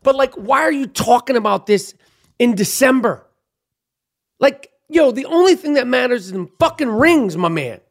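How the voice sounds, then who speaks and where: A man with a high voice delivers a heated, profane sports rant. He talks straight at the players he is criticizing. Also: expressive, moderate pace. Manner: profane, emphatic, addresses players directly. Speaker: sports podcast host.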